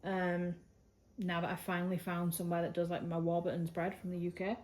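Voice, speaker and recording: A woman's voice: on the low side, completely flat delivery, brisk, darkish tone. A woman talking casually at home in a craft vlog, rambling along with lots of "like" and "um". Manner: chatty and rambling, many "like" and "um" fillers. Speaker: craft vlogger. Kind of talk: casual monthly roundup vlog. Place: at home indoors.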